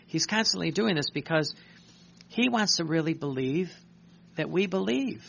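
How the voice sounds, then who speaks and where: A man preaching a sermon, reading passages aloud, halting with many fillers and restarts and clearing his throat often. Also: fairly high pitch, expressive, a bit bright. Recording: muffled recording with faint hum.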